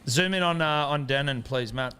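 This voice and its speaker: A man's voice: mid-range voice, normal speed, pushed and bright, clean tone, soft background music. An Australian man joking and stirring his mates while watching a rugby league game. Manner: teasing, joking, mock commentary. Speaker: footy fan watching a match. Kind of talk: casual banter over a game.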